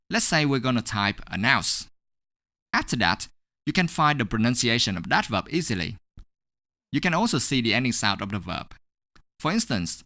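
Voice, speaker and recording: A man teaching an English pronunciation lesson, explaining clearly and step by step in a scripted voice-over. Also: medium pitch, sharp tone, no room sound, studio quality.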